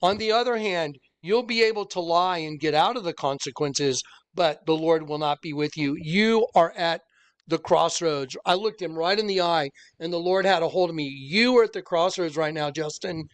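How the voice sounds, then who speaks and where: A man's voice: a little high, moderate pace, smooth. A man recounting a personal story to his viewers as an online preacher, earnest and insistent, acting out the people he quotes. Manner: animated storyteller who acts out the people he quotes. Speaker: online preacher and channel host.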